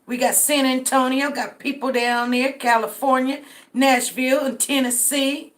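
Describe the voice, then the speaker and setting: On a casual livestream, a tired middle-aged woman from Denver does a roll call, greeting viewers by name and drawling friendly shout-outs. She speaks at a moderate pace in a high-pitched, level tone.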